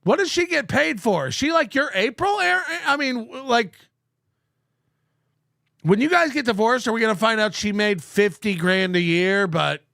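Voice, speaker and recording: A man's voice: high-pitched, lively intonation, moderate pace, vocal fry, bright, forceful tone, no room sound, studio quality. A man hosting a show, reacting to clips with sarcastic, profane commentary and frequent laughs.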